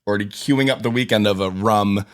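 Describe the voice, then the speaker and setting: A young man, co-hosting a casual podcast and telling stories in a playful, animated way. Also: fairly low pitch, fairly quick, dry recording, studio quality. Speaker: co-host.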